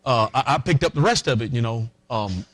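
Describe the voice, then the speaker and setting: A man's voice: mid-range voice, expressive, fairly quick. A man preaching a sermon as a folksy, emotional story, now and then breaking into a hymn.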